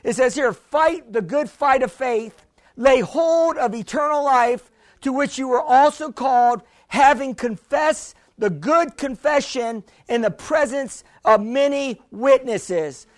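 High-voiced emphatic preaching man. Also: takes it slowly, dry recording. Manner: preachy, emphatic, call-and-response. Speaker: pastor. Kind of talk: sermon.

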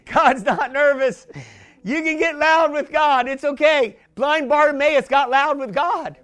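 Male preacher, very high voice, emphatic and repeating himself, building to shouts. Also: measured pace. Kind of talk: sermon.

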